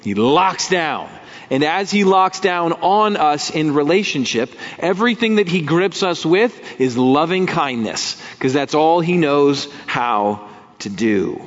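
A man's voice: a little high, expressive, takes it slowly. A man preaching a sermon in a conversational way, with vivid everyday images. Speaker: pastor. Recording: dull sound with long hall reverb.

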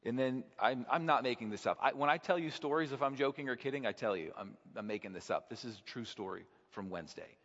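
A man's voice: medium pitch, fast, hardly any pauses, fairly bright tone. A man preaching a sermon, telling a personal story and building to fervent, passionate peaks. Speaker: pastor. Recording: dull sound in a hall with long reverb.

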